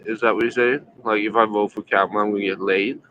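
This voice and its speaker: Man, drunk, rambling, profane, low pitch, bright tone, faint noise. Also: steady tone, fast talker, highs cut off. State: still drunk. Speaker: livestream panel host. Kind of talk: casual drinking chat.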